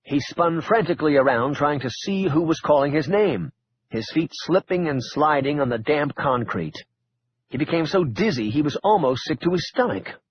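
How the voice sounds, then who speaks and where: A man's voice: fairly high pitch, expressive, normal speed, highs cut off, a little hiss or hum. A man narrating an audiobook thriller in a wry, dramatic storytelling manner. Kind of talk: scripted narration.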